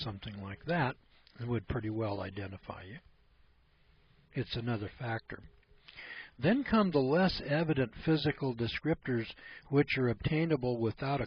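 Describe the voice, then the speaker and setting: A man's voice: medium pitch, slightly rough, muffled recording. A man hosting a radio talk show, speaking in a blunt, folksy, rambling way. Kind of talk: casual radio commentary.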